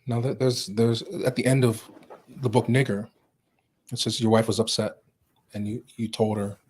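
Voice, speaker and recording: A man interviewing, asking questions in a halting way. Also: lowish voice, little pitch movement, darkish tone, breathy edge. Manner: halting, with restarts while asking.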